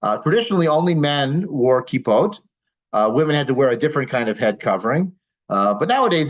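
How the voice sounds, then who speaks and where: In a rough recording, a rabbi with a mid-range voice leads a casual lecture for a live crowd that asks him questions. His explanations are patient, laced with dry wit and frequent little fillers.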